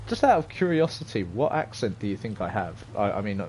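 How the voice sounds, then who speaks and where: A man's voice: lowish voice, sing-song, fairly quick, darkish tone, a little hiss or hum. A young man casually commenting on a driving game as he streams live, rambling and hesitant, chatting with viewers. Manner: rambling, hesitant, chatty, reads chat aloud. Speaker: gaming streamer.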